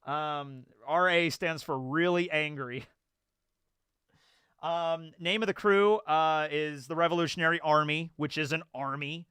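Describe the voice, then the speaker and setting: A man's voice: a little high, steady tone, unhurried, pushed and bright, clean tone, no room sound. A man hosting a video, telling stories and giving commentary in a rambling, conversational way with lots of fillers. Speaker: YouTube host. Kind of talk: casual storytelling and commentary.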